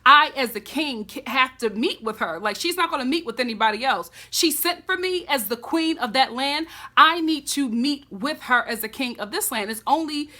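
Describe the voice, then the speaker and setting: A woman's voice: sits high, expressive, moderate pace, hardly any pauses, bright, forceful tone. A woman voicing an earnest, dutiful young male king in a plain, matter-of-fact way.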